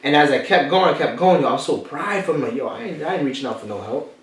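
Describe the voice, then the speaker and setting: A man's voice: on the high side, animated, fast talker, recorded from a distance. A man, telling a personal story as a motivational podcast host. He repeats his key phrases like a preacher. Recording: echoey room, off-mic, faint noise.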